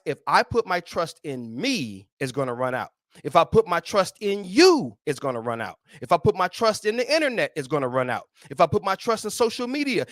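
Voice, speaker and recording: A man's voice: high-pitched, a bit bright, no echo, studio quality. A man hosting a faith podcast, giving an emphatic motivational talk with a repetitive preaching cadence. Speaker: podcast host.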